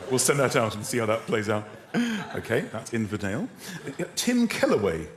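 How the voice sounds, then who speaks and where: Animated comedy host, roomy studio. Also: male voice, lowish voice, brisk, background noise. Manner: animated, teasing, exclaiming. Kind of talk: comedic hosting, reading out texts. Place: TV studio with live audience. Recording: roomy studio with loud audience laughter.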